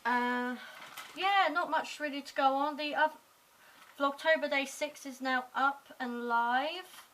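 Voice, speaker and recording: Bright, chatty English woman vlogger. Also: high voice, slow pace, slight background noise, rough recording. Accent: English with a slight London twang. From Hampshire, England. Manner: chatty, rambling, self-mocking asides. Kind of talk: casual daily vlog. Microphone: compact camera mic.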